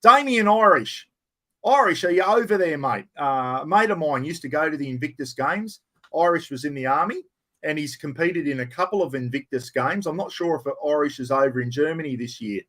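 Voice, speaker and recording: A man's voice: a little high, lively intonation, brisk, pushed and bright. Blunt chatty Australian man. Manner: blunt, rambling, calls viewers mate. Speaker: livestream host. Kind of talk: casual livestream chat.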